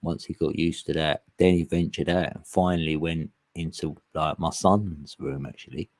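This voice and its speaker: A man's voice: very deep voice, fairly even intonation, moderate pace, a little mellow, no echo. A man, rambling and laughing often in casual chat as a livestream host.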